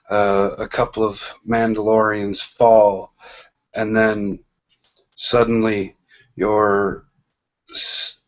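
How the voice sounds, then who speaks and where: A man narrating a tabletop role-playing game as game master, slow and hesitant, with many pauses and restarts. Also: fairly low pitch. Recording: dull lo-fi sound.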